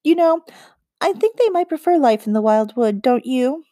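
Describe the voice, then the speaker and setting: A woman voicing a proud, cold female forest witch queen in an audiobook, speaking slowly and deliberately with mocking scorn. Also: sits high, lively intonation, warm tone, no echo, clean studio sound, pitched above the performer's own voice. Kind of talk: audiobook character reading.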